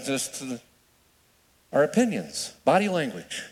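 A fairly high-voiced man preaching in a lively, conversational way, his pitch swinging widely as he fires off rhetorical questions. He often stumbles and restarts mid-sentence. His voice carries a long reverb, as if from a large hall. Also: moderate pace. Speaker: pastor. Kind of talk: sermon.

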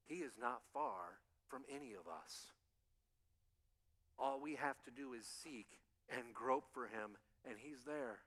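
A man preaching a sermon to a congregation in animated storytelling style, acting out voices and chuckling along the way. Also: mid-range voice, measured pace, in a large hall. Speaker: pastor. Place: church sanctuary.

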